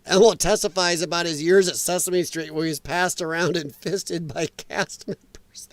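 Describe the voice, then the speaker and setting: A man hosting a casual reaction stream, laughing often and chatting loosely. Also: on the high side. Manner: laughs often, slow and relaxed. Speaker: host reacting to clips.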